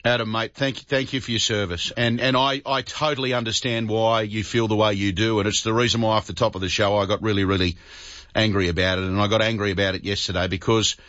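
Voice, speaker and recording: A man's voice: lowish voice, fairly even intonation, fast talker, a bit bright, no room sound. An Australian man hosting a talkback radio show, earnest and thanking his callers, often stumbling and repeating words. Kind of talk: talk radio chat with callers. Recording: dull, dry studio sound.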